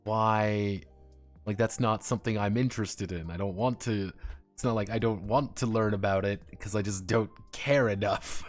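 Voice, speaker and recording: Blunt, rambling low-voiced man. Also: moderate pace, faint music behind. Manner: blunt, rambling, frequent restarts and laughs. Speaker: streamer. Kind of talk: casual stream chat.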